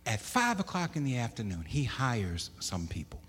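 A man preaching a sermon, with loud emphatic bursts, stammered restarts and questions to the congregation. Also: medium pitch, sing-song, moderate pace. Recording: echoey hall.

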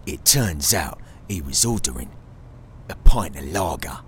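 A British man telling an absurd comic tall tale in deadpan style, teasing a sidekick as he goes. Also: extremely low pitch, unhurried, a little hiss or hum. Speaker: comedian. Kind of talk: comic storytelling monologue.

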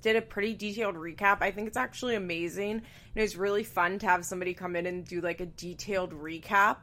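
A woman's voice: fairly low pitch, steady tone, fast, a bit bright. A woman hosting a podcast from her bedroom, chatting candidly with frequent asides and swearing. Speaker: podcast host. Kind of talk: casual podcast chat. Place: bedroom at home. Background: fan running.

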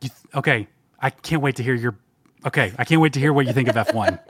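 A man's voice: medium pitch, very noisy. A man co-hosting a podcast in casual chat, dry and sarcastic in manner. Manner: dry, sarcastic, quick-talking. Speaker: podcast co-host.

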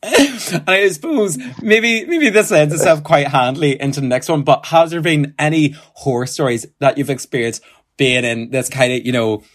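A man interviewing a guest in relaxed conversation, often breaking into laughter. His voice sits a little higher than most men's. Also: normal speed. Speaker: podcast host. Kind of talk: casual podcast chat.

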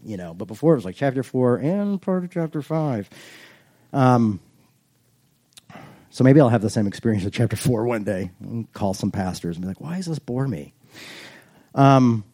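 A man preaching a casual, humorous sermon, chatty and self-joking, reading scripture slowly and deliberately. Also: medium pitch, dark tone. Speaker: pastor.

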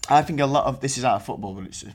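A man, co-hosting a podcast and giving quick, opinionated takes. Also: medium pitch, a little hiss or hum. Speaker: podcast co-host. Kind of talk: casual banter.

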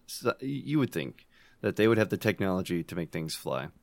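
A man's voice: sits low, sing-song, brisk, vocal fry, a little mellow, no room sound. A man with an American accent co-hosting a casual podcast, joking around and laughing often. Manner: joking and laughing often, reads labels aloud. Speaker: podcast co-host. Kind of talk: casual chat.

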